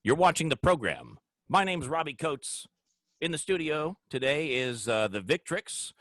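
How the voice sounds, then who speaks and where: A man's voice: on the high side, sing-song, unhurried, a bit bright, no echo. A man hosting a political talk show from a studio, ranting heatedly and addressing his audience directly. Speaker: show host.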